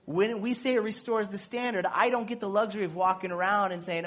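A parent's mid-range voice moves fairly quickly, with hardly any pauses, through a casual sermon. Animated in style, they perform quoted dialogue and keep joking and laughing as they teach.

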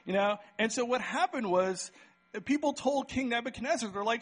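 High-voiced pastor preaching casually. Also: male voice, expressive, fast, slightly rough. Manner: casual, chatty, often asks "right?". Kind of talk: sermon with live object lesson. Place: church sanctuary with band.

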